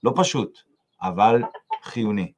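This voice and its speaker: Rapid-talking man giving earnest advice. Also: lowish voice, lively intonation.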